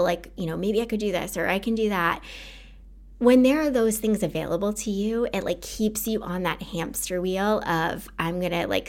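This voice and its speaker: A woman hosting a podcast, talking earnestly and casually about her own experience, with many fillers like "like". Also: mid-range voice. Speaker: podcast host. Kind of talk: casual personal podcast monologue.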